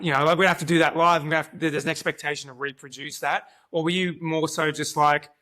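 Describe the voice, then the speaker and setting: A man co-hosting a casual rock interview, his voice bright and slightly high. He rambles through long questions, circling with fillers before landing the point. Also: little pitch movement, a little fast, few pauses. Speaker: co-host.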